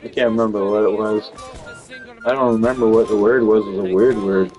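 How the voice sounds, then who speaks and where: A man's voice: fairly low pitch, steady tone, a little fast, darkish tone, soft background music, low-quality recording. A man chatting casually while he plays a game, rambling, swearing often and restarting his sentences. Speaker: gaming channel host.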